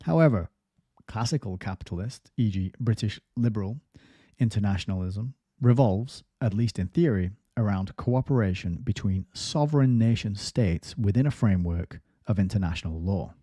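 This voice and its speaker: A man reading a book aloud in a steady way, stopping now and then for brief casual comments and slipping a little on some words. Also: fairly low pitch, normal speed, breathy edge, no echo.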